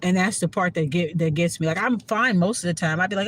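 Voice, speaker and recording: A woman's voice: medium pitch, fast, hardly any pauses. A woman giving a heartfelt, profane casual monologue to her viewers as a spiritual content creator.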